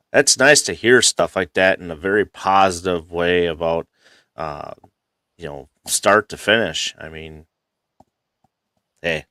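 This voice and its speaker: A man's voice: deep voice, fairly bright tone, no room sound, studio quality. A man hosting an interview, reacting to a guest's story with hesitant, filler-filled comments before asking a question. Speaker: interview host. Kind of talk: casual interview.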